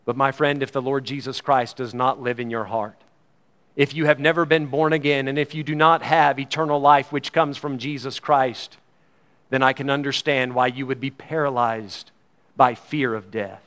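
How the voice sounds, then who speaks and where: A middle-aged man preaching a sermon with fervour, swinging from loud declarations to hushed, quiet lows. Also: fairly even intonation, normal speed.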